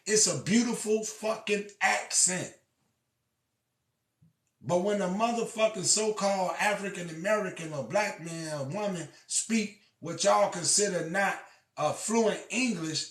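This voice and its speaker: Passionate male storyteller, rough-edged and repetitive, distant in an echoing room. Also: high-pitched. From Illinois. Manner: impassioned, swings from shouting to quiet; profane, repeats himself. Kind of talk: preaching monologue. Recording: echoey room, far from mic.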